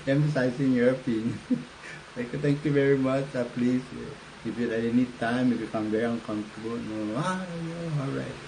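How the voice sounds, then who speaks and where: Older island man, livestream political talker, halting and rambling, mid-pitched, faint background hum. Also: rough recording. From Northern Mariana Islands. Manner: rambling, halting, frequent fillers and laughs. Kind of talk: casual livestream talk. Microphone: phone or webcam livestream.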